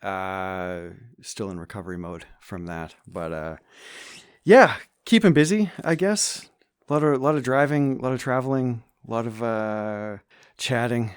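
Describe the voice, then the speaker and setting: A man's voice: medium pitch, measured pace, clean tone, no room sound, studio quality. A man as a podcast guest in casual chat, easygoing, with lots of fillers and trailing yeahs.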